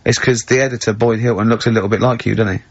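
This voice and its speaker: A man hosting a radio show, chatting in casual banter and often breaking into high giggles. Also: steady tone, rapid-fire, dry recording. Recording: dull, slightly lo-fi studio audio.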